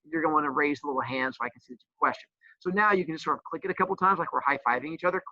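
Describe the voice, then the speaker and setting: A man's voice: on the high side, rapid-fire, bright, forceful tone, no room sound. A man teaching a middle school class over a video call, teasing and joking. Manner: teasing, joking, self-mocking. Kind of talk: online class talk. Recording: dull, dry video-call audio.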